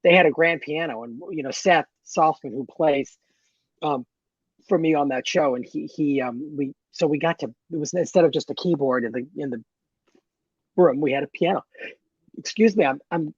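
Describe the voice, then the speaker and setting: A man in his fifties or older, a guest telling stories in a lively, camp way with big swings in pitch. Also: normal speed, breathy edge, no room sound, lo-fi sound. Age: 50s or older. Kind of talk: casual chat.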